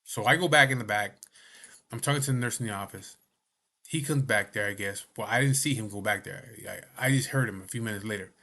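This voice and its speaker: A man's voice: on the low side, a little fast, sharp tone. A man telling a personal story to camera in a casual, blunt way, swearing often and asking "you know what I mean". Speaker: vlogger.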